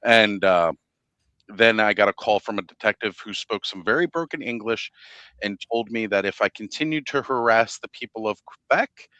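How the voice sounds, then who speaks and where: A man's voice: on the low side, lively intonation, moderate pace, pushed and bright, no echo, lo-fi sound. A man hosting a live stream, telling a story in casual chat and laughing at his own jokes.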